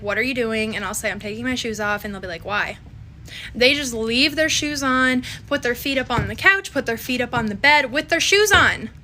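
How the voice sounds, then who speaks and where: Young woman vlogger, bright, slightly high voice, chatty and exasperated. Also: slight background noise. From Canada. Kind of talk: casual talking-to-camera commentary.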